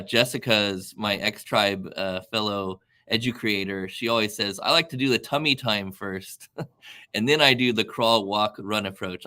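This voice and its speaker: A man with a low but bright, forceful voice answers viewer questions in a live webinar. He talks eagerly and quickly warms up, with plenty of fillers.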